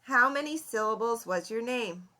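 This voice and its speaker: A woman teacher giving a recorded lesson, explaining slowly and clearly and asking her students questions. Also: on the high side, lively intonation, pushed and bright. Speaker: seventh grade English teacher.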